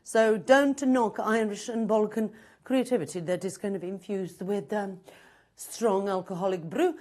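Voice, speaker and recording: A woman's voice: medium pitch, a little slow, darkish tone. A woman hosting a comedy show, chatting casually in a rambling way before introducing the acts. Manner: chatty and rambling, with many fillers. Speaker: show host. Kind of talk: casual chat and act introductions.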